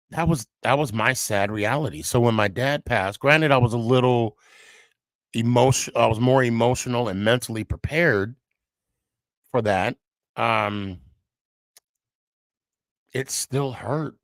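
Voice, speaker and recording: A middle-aged man talks slowly and earnestly, his voice sitting in an ordinary middle range. He often stops and restarts, his words halting and heartfelt. The sound is dry and close, with no room around it. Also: medium pitch, a bit bright, dry recording. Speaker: podcast host. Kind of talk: personal reflective monologue.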